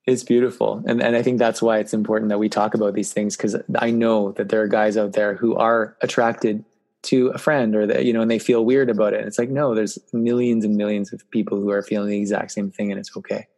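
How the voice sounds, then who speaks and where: A man hosting a podcast in casual chat, animated and playful in how he talks. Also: on the low side, fairly quick. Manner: animated, mimics camp voices for laughs. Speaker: podcast host.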